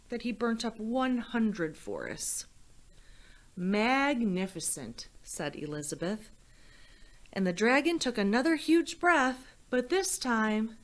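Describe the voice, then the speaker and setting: Woman storyteller for children, slow, lively inflection, gentle. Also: medium pitch. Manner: gentle, expressive, addressing children.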